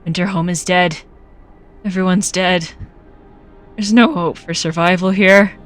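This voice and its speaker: A woman streaming a game, reading its text aloud and reacting with loud jokey asides. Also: fairly low pitch, steady tone, measured pace. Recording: faint game music behind.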